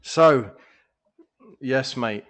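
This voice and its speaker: A man's voice: medium pitch, extremely slow, fairly bright tone. A man co-hosting a casual podcast, telling rambling stories full of swearing and laughter. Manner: swears a lot, laughs often, rambling storyteller. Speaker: podcast co-host.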